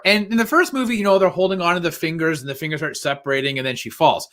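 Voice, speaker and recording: A man's voice: a little high, fast, a bit bright. A man co-hosting a casual live podcast, animatedly retelling movie scenes and acting out the characters' lines with laughter. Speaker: co-host.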